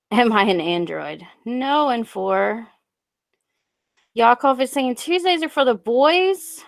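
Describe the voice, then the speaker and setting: Young woman, casual stream chat, rambling with fillers, gravelly voice, close dry sound. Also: fairly high pitch, lively intonation, no echo. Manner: rambling, halting, lots of um and like. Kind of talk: casual live stream chat, reading viewer comments. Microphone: USB desk mic.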